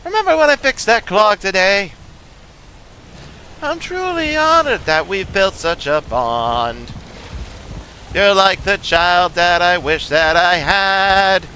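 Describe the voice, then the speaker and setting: A man doing a gentle, fatherly guide. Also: high voice, lively intonation, slow, slight background noise, heavily acted, rough recording. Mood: tender.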